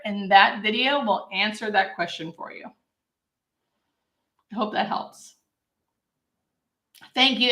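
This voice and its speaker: A woman's voice: medium pitch, fairly bright tone, echoey room. A woman from Southern California, a hospice nurse, chatting upbeat on a live-stream Q&A and answering viewers' questions. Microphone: camera mic.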